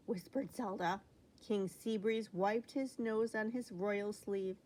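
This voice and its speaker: A woman reading a children's storybook aloud with expressive delivery. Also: mid-range voice, takes it slowly, low-quality recording. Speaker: storybook reader.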